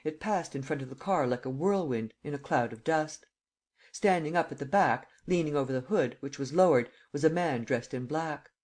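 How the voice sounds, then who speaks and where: A man giving a steady, measured scripted narration of an audiobook. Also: fairly high pitch.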